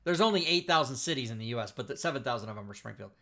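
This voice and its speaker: A man's voice: mid-range voice, rapid-fire. A middle-aged American man hosting a casual livestream talk show, swearing and laughing often as he chats. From United States. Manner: profane, laughing, excitable.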